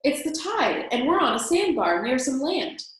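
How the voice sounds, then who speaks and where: A woman's voice: high voice, sing-song, normal speed, pitched above the performer's own voice. A woman voicing an earnest, brave little boy in a storybook reading, eager and a little raised. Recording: very echoey room.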